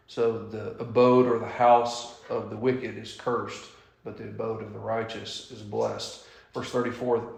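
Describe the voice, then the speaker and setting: A low, gravelly man teaches in a flat, even tone, speaking bluntly and emphatically. His voice rings in a roomy church space. He pauses often for "um"s and restarts. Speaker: Bible study leader. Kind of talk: teaching a Bible study. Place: church room.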